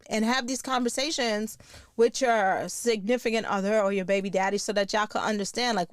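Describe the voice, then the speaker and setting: A woman's voice: on the high side, no echo, clean studio sound. A middle-aged woman, a comedian hosting her own podcast, ranting bluntly with lots of swearing and laughing at her own jokes. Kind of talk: profane comedic rant.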